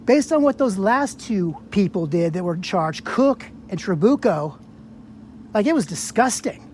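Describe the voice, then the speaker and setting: A man's voice: high voice, expressive, a little slow, darkish tone, a little hiss or hum. A man in a heated argument on a public sidewalk outdoors, confronting an officer with repeated rhetorical questions.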